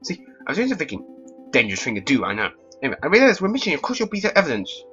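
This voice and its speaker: A man voicing an eager, excitable young sparrow sidekick. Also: a little high, rapid-fire, muffled recording, soft background music, exaggerated voice.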